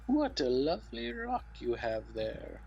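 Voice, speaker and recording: Snooty Booty, a haughty and condescending lady cat, purring out each word in a slow drawl, as a man puts her on. The voice is gravelly and fry-laden. The recording is slightly dull and lo-fi. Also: mid-range voice, sing-song, darkish tone, slight background noise.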